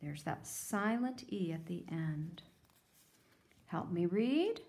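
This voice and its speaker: Lady teacher doing phonics w little kids, sounds out each word slowly, voice goes up and down a lot. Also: lowish voice, lively intonation, darkish tone. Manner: slow, sounding out words letter by letter. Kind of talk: phonics lesson for young children.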